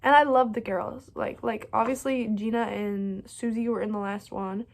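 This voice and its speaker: Bubbly gushing woman, slightly high voice. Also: fairly even intonation, normal speed, creaky. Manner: gushing and bubbly, many "like"s and "so good"s; rambling, restarts her sentences. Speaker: book vlogger. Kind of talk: casual reading wrap-up chat.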